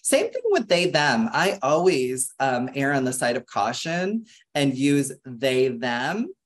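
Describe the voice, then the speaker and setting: An educator leading an interactive online workshop over a video call, talking in a lively, chatty way with restarts and fillers. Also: slow pace. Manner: acts out quoted people with big pitch jumps. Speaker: webinar presenter and educator.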